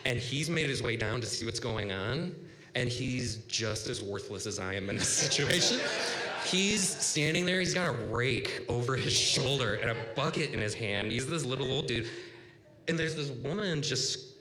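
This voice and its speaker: A man in his thirties animatedly tells a personal story at a bar story slam, mid-range voice at normal speed, a crowd audible behind him. He rambles casually with heavy use of "like," and the live room is reverberant with faint noise.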